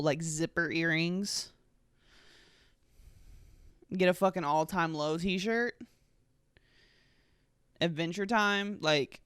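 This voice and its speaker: A woman's voice: low voice, smooth, no echo, studio quality. A young woman in her twenties from the United States, hosting a casual solo podcast in a rambling, sweary, sarcastic way full of fillers. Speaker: podcast host.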